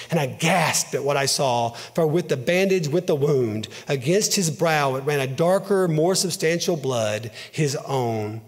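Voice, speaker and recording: A man giving an earnest, emotive dramatic reading of a story, in a measured way. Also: a little high. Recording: long hall reverb.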